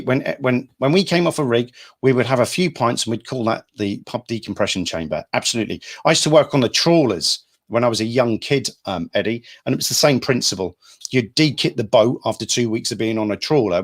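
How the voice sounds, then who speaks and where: A middle-aged man from England, a hypnotherapy trainer, telling stories in a rambling, casual way to an online audience. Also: medium pitch. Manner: rambling, repeats himself, acts out quotes loudly.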